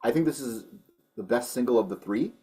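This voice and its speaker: A man with a husky, slightly rough voice talks through a song review in loose, casual chat. He hedges a lot and restarts his sentences, piling on "you know" as he goes. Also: mid-range voice, lively intonation, brisk, mellow, soft background music. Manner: chatty, hedging, many restarts. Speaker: co-host of a metal music show.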